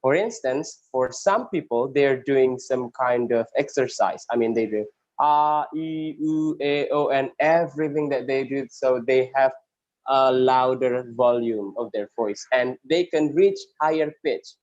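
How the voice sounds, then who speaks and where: A man with an Indonesian accent teaching a class on speech delivery, explaining at length with many restarts and a strong, loud voice. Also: medium pitch, unhurried, dull audio. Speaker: speech trainer.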